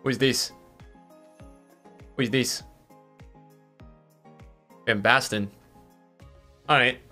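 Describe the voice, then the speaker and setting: A male streamer giving live-stream commentary to his chat, excitable and swinging between hype and letdown with plenty of fillers. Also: medium pitch, very slow, faint music behind. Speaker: streamer opening game packs.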